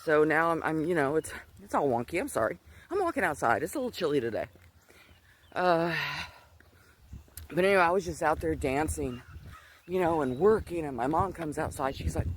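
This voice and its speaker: A middle-aged Christian vlogger walks outdoors, slightly out of breath, sharing a personal testimony in a casual, rambling way full of digressions and restarts. His voice sits on the high side, animated and at normal speed, with a little hiss or hum in the recording.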